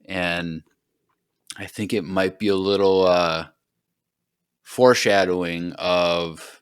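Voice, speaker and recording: Low smooth-voiced man recapping an episode. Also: steady tone, slow. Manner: rambling, heavy on fillers like "like". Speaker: podcast host.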